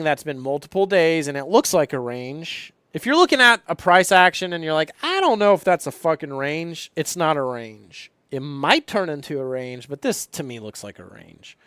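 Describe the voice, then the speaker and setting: A man's voice: a little high, a bit bright, clear, resonant tone, dry recording. A young man live streaming about trading, talking casually and rambling with lots of swearing and fillers. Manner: profane, rambling, frequent fillers.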